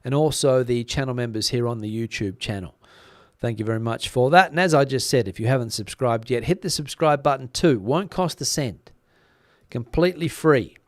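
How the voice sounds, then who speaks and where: A man's voice: mid-range voice, moderate pace, no echo, clean studio sound. A man hosting a live stream, chatting casually with viewers, with frequent fillers and a slightly worn voice. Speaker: YouTube news channel host.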